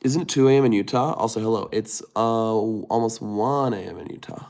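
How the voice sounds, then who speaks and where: Gravelly man chatting on a livestream. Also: on the low side, moderate pace, hardly any pauses, a little mellow. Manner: chatty, mutters to himself while typing. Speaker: livestream host. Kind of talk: casual livestream chat, reading viewer comments aloud.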